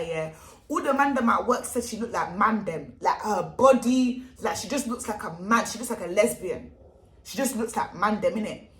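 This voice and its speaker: Animated young woman in an echoey room. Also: mid-range voice. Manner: animated, emphatic, heavy street slang. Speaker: vlogger. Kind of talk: storytime vlog.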